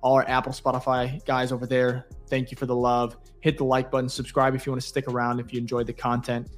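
A man co-hosts a sports podcast in a relaxed, rambling way, thanking listeners with plenty of fillers. His voice sits in a middle pitch. Faint music plays underneath. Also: fast. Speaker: podcast co-host. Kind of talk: casual sports podcast sign-off.

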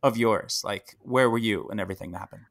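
A middle-aged man and Broadway actor, talking as a podcast guest in a chatty, animated way, full of fillers and restarts. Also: lowish voice, quick pace. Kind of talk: casual interview chat.

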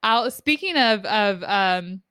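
A woman from Honduras chatting as a podcast guest, playful and quick to laugh, slipping Spanish into her English. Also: mid-range voice, animated, fairly bright tone, clear, resonant tone, no room sound, clean studio sound. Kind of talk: casual chat.

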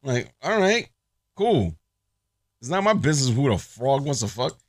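A man hosting his own podcast, ranting in a sarcastic, profane, animated monologue. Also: mid-range voice, moderate pace, no echo, clean studio sound. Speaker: podcast host.

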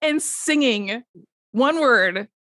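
A woman's voice: a little high, expressive, drawn-out words, fairly bright tone, no echo, studio quality. A woman co-hosting a casual podcast, wry and profane, laughing often. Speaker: podcast co-host.

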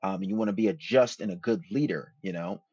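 In a dry, dull lo-fi recording with no echo, a man hosts a podcast and rambles casually about dating, full of slang and profanity. His voice is deep, darkish and slightly rough, and he talks fairly quickly.

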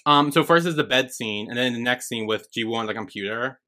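Bright-voiced man in casual recap chat. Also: a little fast. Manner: animated, swears freely, acts out characters' lines. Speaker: podcast co-host. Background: squeaky chair.

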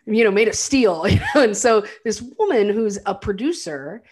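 A woman's voice: medium pitch, expressive, normal speed, darkish tone. A woman co-hosting a casual chat, retelling a film with laughs and many fillers. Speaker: podcast co-host.

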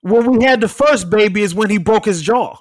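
A young adult man casually telling a story as podcast co-host, animated, swearing freely and acting out the people and cat sounds in it. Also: high-pitched, a little fast, dry recording. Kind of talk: casual chat.

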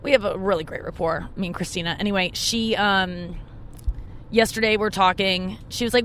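A woman's voice: a little fast, fairly bright tone, a little hiss or hum. Woman podcaster, rambling casual story, self-mocking, recorded in a car. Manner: rambling, self-mocking, jumps up high when quoting people. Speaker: podcast host and comedian.

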